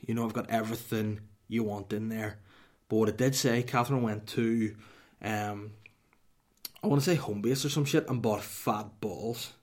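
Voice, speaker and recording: A man's voice: fairly low pitch, fairly even intonation, normal speed, darkish tone. A young Northern Irish man hosting a podcast, telling a comic story in a sweary, mock-dramatic way and dropping to a whisper for punchlines. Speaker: podcast host.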